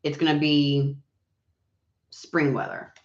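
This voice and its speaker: Woman, low voice, sniffly, rambling tarot chat, dull lo-fi roomy recording. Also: flat delivery, takes it slowly. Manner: rambling, swearing, many fillers. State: recovering voice, sniffly. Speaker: tarot reader. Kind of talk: casual chat and card reading.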